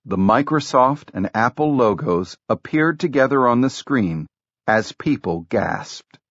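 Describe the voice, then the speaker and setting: A man's voice: mid-range voice, lively intonation, unhurried, dry recording. Male audiobook narrator, dry and dull. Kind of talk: scripted narration.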